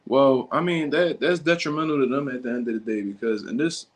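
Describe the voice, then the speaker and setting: A man's voice: mid-range voice, brisk. Profane, blunt livestreaming man. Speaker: livestream host. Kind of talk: casual livestream chat reacting to comments.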